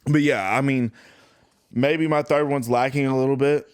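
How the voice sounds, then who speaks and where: Male podcast regular, mid pitch, dry close mic, loose and giggly delivery. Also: steady tone, moderate pace, clear, resonant tone, no room sound. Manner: laughs often, chatty. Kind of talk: casual podcast chat.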